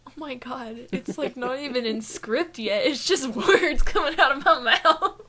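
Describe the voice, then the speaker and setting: A woman's voice: sits high, unhurried, sharp tone. A woman co-hosting a casual podcast, improvising a story and giggling as she acts out characters. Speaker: podcast co-host.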